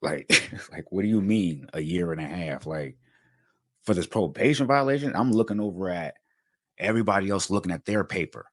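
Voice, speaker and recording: Male host, deep voice, dry recording; loose, slangy storyteller full of fillers. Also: moderate pace, dry recording. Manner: animated, slangy, lots of fillers, acts out quotes. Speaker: channel host telling his story. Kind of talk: casual storytelling to camera.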